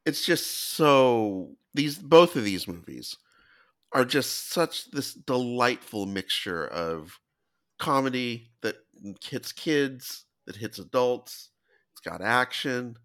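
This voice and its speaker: Bright, lively man gushing in chat. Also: mid-range voice, slow pace. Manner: enthusiastic, playful. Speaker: podcast co-host. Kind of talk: casual chat.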